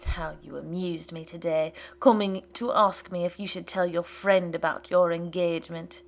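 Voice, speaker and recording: A woman voicing a bitter, domineering old father who mocks and rants in loud outbursts. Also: on the low side, steady tone, moderate pace, vocal fry. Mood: mocking. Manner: mocking and ranting, loud outbursts.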